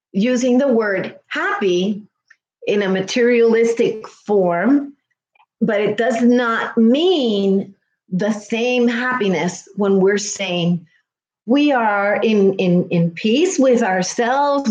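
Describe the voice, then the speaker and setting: Her voice fairly high and a bit mellow, a woman schoolteacher and vlogger talks with her livestream viewers in an echoey room. The chat is casual yet earnest and heartfelt, with repetition used for emphasis.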